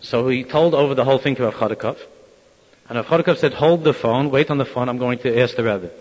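A man's voice: mid-range voice, quick pace. Guy telling a hasidic story, doing everyone's voices, muffled lo-fi sound with a long hall echo. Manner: animated, acts out quoted voices. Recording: dull lo-fi sound in a reverberant hall.

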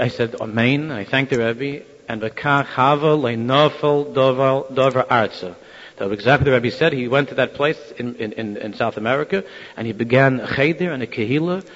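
A man's voice: mid-range voice, slightly rough. Man telling a Hasidic story in a hall. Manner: animated, acts out quoted voices. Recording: dull lo-fi sound in a reverberant hall.

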